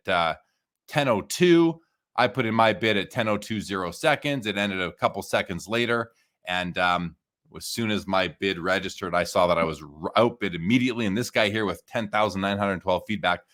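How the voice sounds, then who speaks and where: A man's voice: on the low side, fairly bright tone. A man hosting a podcast, chatting casually and enthusiastically about card listings. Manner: chatty, enthusiastic, with frequent restarts. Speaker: podcast host. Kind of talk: casual chat reviewing listings.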